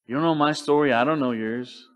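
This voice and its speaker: A man's voice: medium pitch, brisk. A man preaching a sermon in church, talking to the congregation casually and asking rhetorical questions. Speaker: pastor. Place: church sanctuary.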